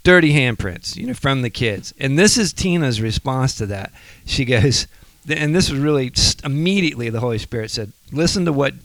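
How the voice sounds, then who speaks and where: A man's voice: mid-range voice, lively intonation, brisk, hardly any pauses, fairly bright tone, no echo. A man co-hosting a casual faith podcast, a chatty storyteller who laughs easily. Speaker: podcast co-host.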